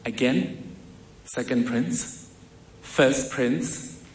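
A man's voice: mid-range voice, extremely slow. A man from telling a vivid, self-mocking personal story on stage in a large hall. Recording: echoey hall with faint noise.

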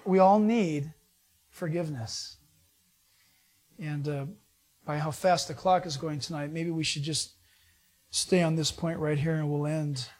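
High-voiced joking preacher man. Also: unhurried, pauses often. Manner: folksy, joking, animated storytelling. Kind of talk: sermon.

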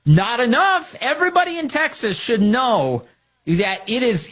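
Animated, sarcastic male political commentator. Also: very high voice, unhurried.

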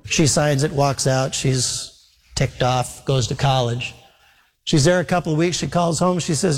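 A man's voice: mid-range voice, unhurried. A man preaching a sermon, telling a story and acting out the dialogue of its characters. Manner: animated, acts out quoted dialogue. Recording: long hall reverb.

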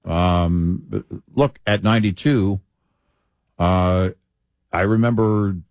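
A man co-hosting a talk show, speaking in a measured, deliberate way with hesitant restarts. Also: sits low, a little mellow, no room sound. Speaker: co-host. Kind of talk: opinionated talk-show banter.

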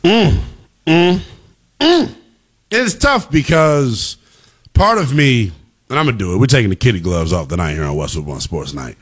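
A man hosting a sports talk radio show, delivering an emphatic monologue that rises to shouting at its peaks. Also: mid-range voice, big pitch swings, moderate pace, pauses often, slightly rough.

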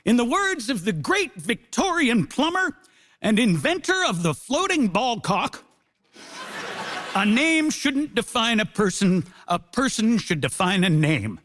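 A man arguing a comic case on a debate show, animated and jokey. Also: extremely high pitch, a little slow, a little hiss or hum. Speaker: comedian debater. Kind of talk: stand-up style argument.

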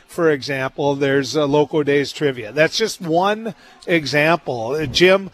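A man's voice: fairly high pitch, a little slow. A man hosting a radio interview show, talking in an upbeat, chatty way with frequent fillers.

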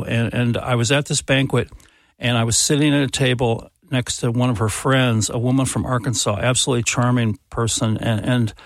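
A man's voice: mid-range voice, no echo, studio quality. A man hosting a radio show, telling an anecdote in a conversational way and asking listeners to call in during a fund drive. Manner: conversational, anecdotal, with frequent restarts. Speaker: radio host. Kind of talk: chatty on-air storytelling and fund drive appeal.

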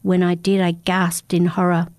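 Woman storyteller, first-person folktale, warm dark voice, dry close mic. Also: fairly low pitch, moderate pace, no room sound. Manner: steady, dramatic storytelling. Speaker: narrator.

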